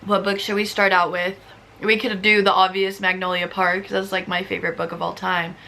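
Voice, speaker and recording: A young woman chats casually as a book vlogger, reading reviews aloud. Her voice is bright and clear at a middle pitch, and she sounds animated and exasperated. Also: fairly quick, a little hiss or hum. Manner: animated, exasperated, giggly, lots of "like".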